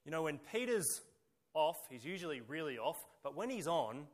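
A man preaching a sermon emphatically, piling up rhetorical questions and repeated phrases and moving between loud bursts and quiet, dropped endings. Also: a little high, sing-song, moderate pace.

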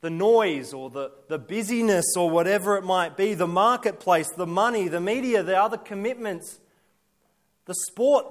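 A male pastor preaching a sermon, emphatic, building his points through repeated lists and rhetorical questions. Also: high-pitched.

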